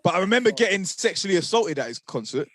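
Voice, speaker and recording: A man's voice: sits high, quick pace, no room sound. A young man, chatting casually as a podcast co-host and acting out the voices in his stories. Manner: animated storyteller, acts out what people said. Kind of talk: casual chat.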